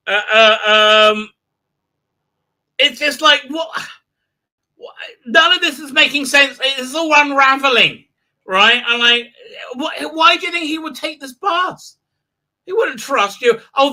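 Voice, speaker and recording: A man's voice: sits high, bright, forceful tone. A man hosting a live stream, recapping an episode in a rambling, sarcastic way with many fillers. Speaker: show host.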